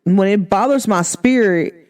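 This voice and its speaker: A woman's voice: medium pitch, measured pace, darkish tone. Candid woman in casual vlog chat. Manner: candid, emphatic, slangy. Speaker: vlogger.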